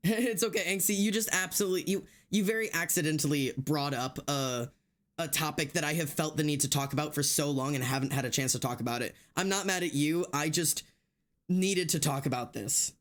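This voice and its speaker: A man's voice: fairly high pitch, normal speed, fairly bright tone. A man streaming live who swears heavily, rants hotly and then laughs it off, talking straight to his chat with many restarts. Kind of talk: casual livestream chat.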